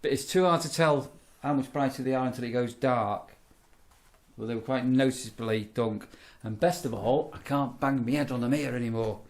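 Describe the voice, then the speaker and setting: Middle-aged man, vlog host, rambling casual chat, easy mid pitch. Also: moderate pace. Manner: rambling, animated storyteller. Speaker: vlogger, campsite warden.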